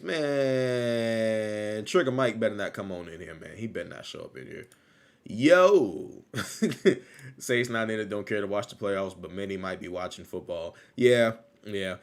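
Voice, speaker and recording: Rambling man on a casual livestream. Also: on the low side. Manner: loose, rambling, repeats phrases, laughs easily. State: still low on energy after illness. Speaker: livestream host.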